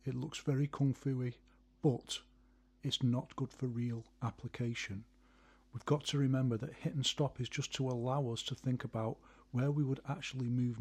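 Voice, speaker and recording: A man's voice: mid-range voice, darkish tone, slightly rough. A man teaching a martial art, explaining punch combinations step by step and counting out their rhythms. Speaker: martial arts instructor. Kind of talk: instructional video narration.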